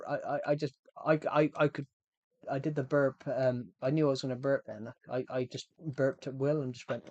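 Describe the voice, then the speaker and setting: A man's voice: medium pitch, steady tone, normal speed, darkish tone, no echo, muffled recording. A young man hosting a live game stream, chatting with friends in a rambling, joking way and tripping over his words. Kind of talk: casual gaming stream chat.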